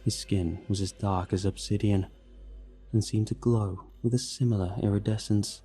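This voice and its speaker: Low dark-voiced man narrating horror. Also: moderate pace, soft background music. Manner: steady dramatic storytelling. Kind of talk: scripted narration.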